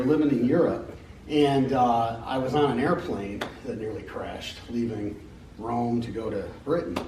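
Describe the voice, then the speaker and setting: A man's voice: medium pitch, lively intonation, normal speed, warm tone, far from the mic, slight background noise. Rambling American man in an echoey hall. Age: middle-aged. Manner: rambling, joking storyteller. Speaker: speaker giving a testimony. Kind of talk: personal testimony, unscripted. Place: church meeting hall.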